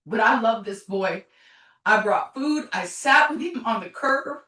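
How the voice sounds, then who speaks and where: A middle-aged woman tells her story as a mother, blunt and forceful, cursing and circling back on her words. Her voice is bright and sharp, on the high side for a woman. It comes from some distance in an echoey room. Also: expressive, unhurried. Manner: blunt and forceful, swears, repeats herself. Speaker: mother of a recovering addict. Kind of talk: emotional personal testimony.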